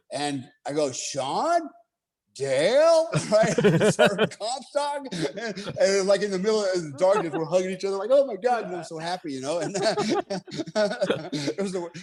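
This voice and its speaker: A middle-aged American man, a military veteran, telling a war story in a casual interview, animated and swearing freely, laughing along as he talks. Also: fairly high pitch.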